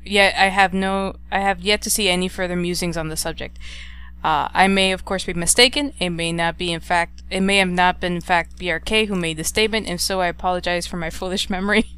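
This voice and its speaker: A woman with a smooth, clear voice hosts a casual podcast. Her voice sits a little low, and she talks in a relaxed way while reading out listener mail. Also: a little fast. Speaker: podcast host.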